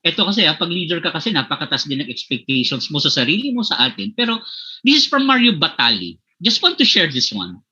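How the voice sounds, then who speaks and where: A Filipino-accented man gives a leadership lecture over a webinar, his voice slightly high, very bright and a bit husky. He switches between English and Filipino and keeps checking in with his listeners. The computer-mic audio sounds dull and lo-fi. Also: very animated, fast talker. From Philippines, Bicol region. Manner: addresses listeners as "my dear participants". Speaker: guest speaker on leadership.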